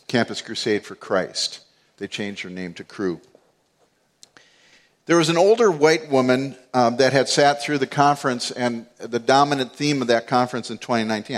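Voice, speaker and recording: A man preaching a sermon, mostly conversational and rising to emphatic peaks. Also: mid-range voice. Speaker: pastor.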